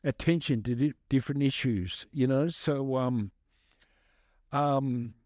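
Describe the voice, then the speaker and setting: A man's voice: mid-range voice, takes it slowly, darkish tone, no echo, studio quality. A man, a guest musician, answering questions in a chatty, rambling way full of restarts. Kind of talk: casual storytelling answers.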